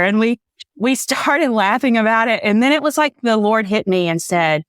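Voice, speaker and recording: A woman's voice: on the high side, normal speed, a bit bright, smooth, dry recording, studio quality. Earnest woman sharing her testimony. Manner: earnest, faith-filled storytelling, says "y'all". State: teary. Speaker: podcast guest, author. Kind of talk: emotional personal testimony.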